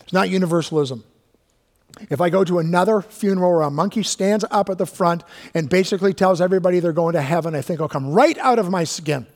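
A man preaching a sermon as pastor. He stretches out key words for emphasis and sometimes sinks into a hushed voice. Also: high voice, fast talker. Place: church sanctuary. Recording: long reverb of a church hall.

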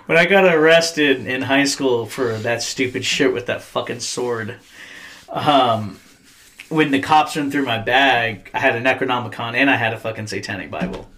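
A man's voice: mid-range voice, a little slow, long pauses, pushed and bright. A young adult man, a podcast host telling blunt, profanity-laced stories in casual chat.

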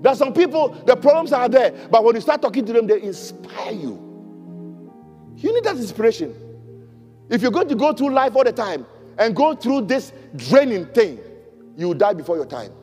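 A man preaching a sermon, reading scripture and leading prayers, swinging from loud cries to near murmurs. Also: very animated, a little fast, long reverb tail, soft background music. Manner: preaching with dramatic swings in pitch and volume. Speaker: pastor.

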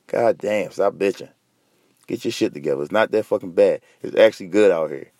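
A man with a fairly low voice holds forth alone on his podcast in a loose, casual way. He rants and swears freely, getting animated as he goes. The sound is dry and close, with no room around it. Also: dry recording. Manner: profane, animated ranting. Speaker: podcast host. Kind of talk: casual solo podcast monologue.

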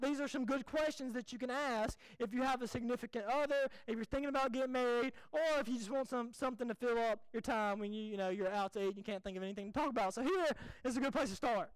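Very high-voiced preacher man. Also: a bit bright, clear, resonant tone, no echo, low-quality recording. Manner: conversational and joking, with acted quotes. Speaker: pastor. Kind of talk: sermon.

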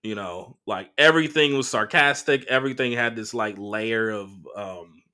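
A man's voice: mid-range voice, moderate pace, bright, forceful tone, clear, resonant tone. A man in his early thirties with a Los Angeles accent, hosting a casual solo podcast and telling a rambling, profane story full of fillers. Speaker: podcast host.

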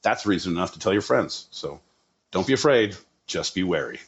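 Low-voiced, profane, teasing man on a podcast. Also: expressive, moderate pace, lo-fi sound. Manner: teasing, profane, riffing jokes. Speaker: podcast co-host. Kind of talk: casual comedic chat. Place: home setup in Southern California.

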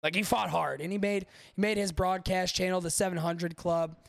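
A man's voice: high-pitched, fairly even intonation, normal speed, vocal fry, no room sound. A man hosting a podcast in casual, rambling chat, swearing freely and talking to his live chat. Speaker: podcast host.

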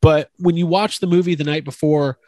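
Young male podcast host, slightly high voice, dry close sound, eager and rambling with restarts. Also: fairly even intonation, fairly quick, dark tone, dry recording. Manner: enthusiastic, rambling questions with frequent restarts. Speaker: podcast host interviewing an actor. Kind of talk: casual interview chat.

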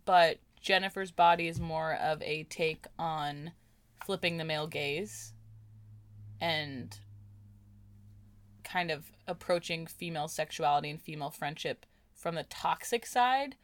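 A young woman co-hosting a podcast, talking books in a lively, jokey way. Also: deep voice, measured pace. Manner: lively, jokey, animated book talk. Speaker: podcast co-host. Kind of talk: casual chat.

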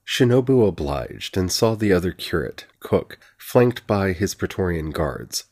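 Deep, husky male narrator. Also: big pitch swings, a little slow, hardly any pauses, darkish tone. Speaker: audiobook narrator. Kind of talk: scripted fantasy narration.

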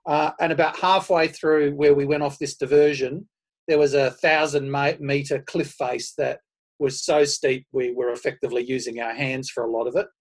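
A man, telling his running stories in a casual, self-deprecating and animated way. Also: mid-range voice. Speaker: podcast guest, runner. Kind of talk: casual storytelling.

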